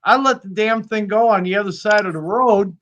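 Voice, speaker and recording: A man's voice: high voice, fairly quick, fairly bright tone, highs cut off. A man telling folksy stories in casual chat, swearing freely and acting out the voices of people he quotes. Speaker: snake keeper on live stream.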